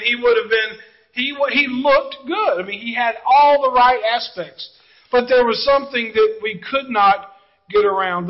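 High-voiced preacher, slightly muffled recording. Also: male voice. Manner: emphatic, drawn-out emphasis, addresses the congregation directly. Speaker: pastor. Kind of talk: sermon.

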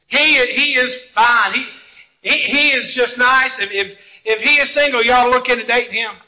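A man's voice: extremely high pitch, highs cut off. A man putting on a gushing churchgoer with a Southern drawl. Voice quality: slow drawn-out drawl.

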